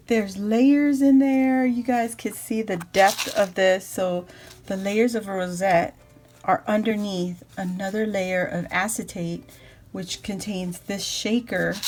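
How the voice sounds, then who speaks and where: A woman's voice: a little high, darkish tone, slight background noise. A woman vlogger opening and gushing over handmade birthday crafts for her viewers, talking casually and laughing often. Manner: gushing, squealing with delight, lots of laughter. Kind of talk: casual unboxing chat to viewers. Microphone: phone camera.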